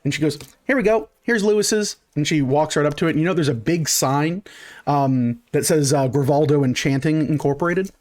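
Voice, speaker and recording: A man's voice: a little high, steady tone, brisk, darkish tone. A man narrating as game master in a tabletop game, rambling with many fillers.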